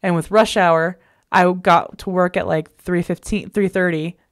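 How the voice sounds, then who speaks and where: A woman's voice: on the low side, fairly even intonation, measured pace. A woman vlogger telling a personal story in an emphatic, exasperated way, recorded in a bedroom at home.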